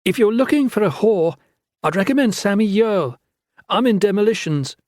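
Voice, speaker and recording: A man's voice: high voice, animated, moderate pace, a little mellow, dry recording, clean studio sound, pitched above the performer's own voice. A man voicing a scornful young woman soldier. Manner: cutting, scornful retorts.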